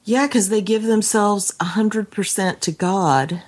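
A woman's voice: mid-range voice, unhurried. A woman in casual podcast talk about a film, reading a printed speech aloud with expression. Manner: reads quotes aloud with expression. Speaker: podcast co-host.

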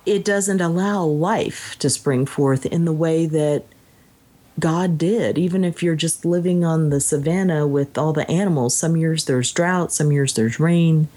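A woman's voice: low voice, a little slow. A woman in casual conversation, reflecting on a story she read and sometimes reading passages aloud. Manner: reflective, reads passages aloud, animated when quoting. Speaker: book discussion co-host. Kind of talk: casual chat about a book.

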